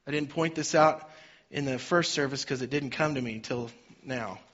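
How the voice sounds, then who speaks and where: A man, a pastor, preaching a sermon with dynamic swings between loud emphasis and soft, quiet lines. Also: medium pitch, moderate pace, muffled recording.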